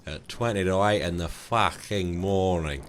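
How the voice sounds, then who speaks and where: A man putting on a brash, crude male Australian drinker with an Australian accent, loud and swaggering. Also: low voice, measured pace, slight background noise. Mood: boisterous.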